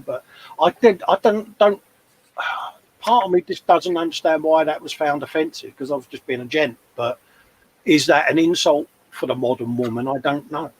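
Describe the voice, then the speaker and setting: A man's voice: a little high, moderate pace, a little hiss or hum, poor audio. A man in his fifties with an East London accent, chatting casually on a hobby livestream and telling rambling anecdotes. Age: 50s. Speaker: co-host of a model-building livestream. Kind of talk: casual chat.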